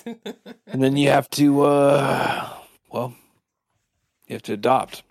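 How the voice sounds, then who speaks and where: A man co-hosting a podcast, pitching jokes in a halting way with fillers and laughter. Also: fairly even intonation, creaky, no echo, studio quality. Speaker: podcast co-host. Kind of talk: casual comedic chat.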